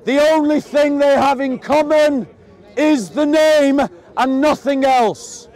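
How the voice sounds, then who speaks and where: A man preaching to a crowd in an open-air park, slow and emphatic, often raising his voice. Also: very high voice, darkish tone. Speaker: street preacher. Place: outdoor public park speaking spot. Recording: outdoors with a crowd murmuring.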